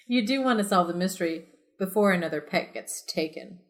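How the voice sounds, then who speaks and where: A woman's voice: mid-range voice, animated, moderate pace. A woman reading a choose-your-own-adventure story aloud on a podcast, breaking off into sarcastic joking asides. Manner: giggly, sarcastic. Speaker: podcast reader.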